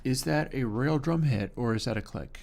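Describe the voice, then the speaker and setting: A man's voice: mid-range voice, normal speed, creaky, soft background music. A man hosting a livestream, giving casual, musing technical commentary while he edits audio. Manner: relaxed, musing, talks while working. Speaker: livestream host.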